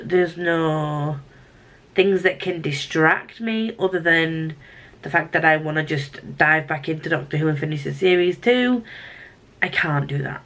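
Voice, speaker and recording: A woman with a somewhat low voice chats casually as a book vlogger. She talks in a rambling, friendly way and often restarts her sentences. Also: a bit bright. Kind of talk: casual vlog chat.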